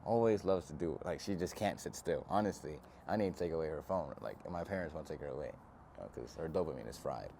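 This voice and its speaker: A man's voice: very deep voice, animated, quick pace, gravelly, dark tone, slight background noise. A young man giving an earnest, casual self-help talk to camera, reflective and slangy.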